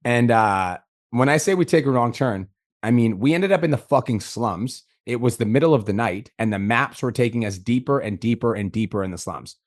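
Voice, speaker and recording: Casting: male podcast host, quick delivery, loose and profane storytelling. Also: mid-range voice. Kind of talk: casual chat.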